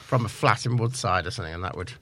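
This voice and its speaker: A man's voice: low voice, racing, bright, forceful tone. Hesitant co-host, man, a bit under the weather. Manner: hesitant, with many fillers and restarts. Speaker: radio co-host. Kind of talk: casual community radio chat. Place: radio studio.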